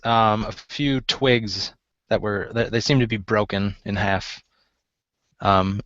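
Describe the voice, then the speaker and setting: A man's voice: medium pitch, dry recording. Laid-back guy running a tabletop game, lots of ums, muffled audio. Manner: relaxed, many fillers. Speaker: game master.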